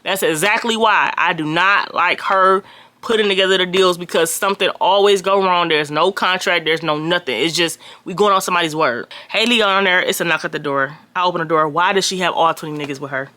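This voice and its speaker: A young woman telling a storytime to her viewers, animated and profane, acting out the people she quotes in a raised voice. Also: lowish voice, brisk, no echo. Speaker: storytime vlogger. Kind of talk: casual storytelling.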